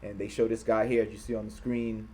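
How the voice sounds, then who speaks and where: A man hosting an online show, reading items off his screen and talking about them. He repeats himself often and gets loud and high-pitched when he is worked up. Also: flat delivery, fast talker. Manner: repetitive, grows loud and high when heated, mocking quoted voices. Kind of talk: livestream commentary reading from a screen.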